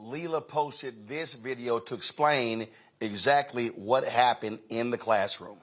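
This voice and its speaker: A man's voice: medium pitch, measured pace, a bit bright. A middle-aged man hosting a news show, giving loose, emphatic commentary with many fillers.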